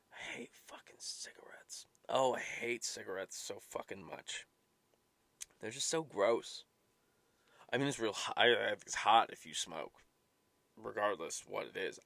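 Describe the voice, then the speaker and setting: A man's voice: fairly low pitch, vocal fry, fairly bright tone, no room sound. Profane, ranting young man, dry sound. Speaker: podcast host. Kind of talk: casual rambling rant.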